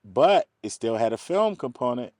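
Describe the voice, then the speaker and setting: Recorded at studio quality with no room sound, this East Baltimore man is a film producer guesting on a relaxed interview. He spins stories animatedly in a medium-pitched voice at normal speed, mimicking the people he quotes and laughing frequently.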